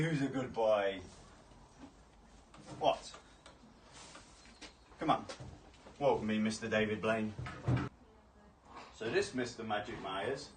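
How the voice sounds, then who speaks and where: A man's voice: fairly low pitch, slight background noise. A man playing a haughty, vain king who talks down to everyone in a grand, mocking manner, recorded from a distance outdoors. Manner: grand, condescending, mocking, rising to furious shouts. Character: pompous arrogant male king, haughty and vain. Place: outdoors near stables. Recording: distant outdoor clip with faint ambience.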